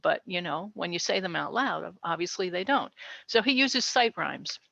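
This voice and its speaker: A woman's voice: lowish voice, expressive, normal speed, gravelly, sharp tone, no room sound. A woman researcher giving a casual, chatty educational talk on poetry, with light laughs and asides.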